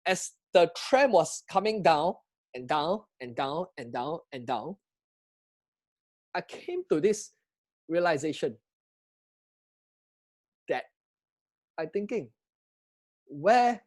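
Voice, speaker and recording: A travel vlogger with a Singaporean English accent and a slightly high voice tells a travel story to camera. He's excitable and chatty, asks his viewers questions, laughs often, and frequently restarts his sentences.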